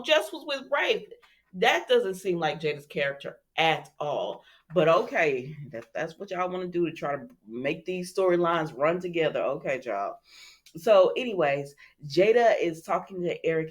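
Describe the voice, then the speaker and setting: A woman hosting a casual recap channel, retelling a soap episode in an animated, chatty way, talking straight to her viewers and acting out the characters' lines. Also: on the low side. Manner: animated storytelling, talks straight to viewers, acts out quotes. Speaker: soap opera recap host.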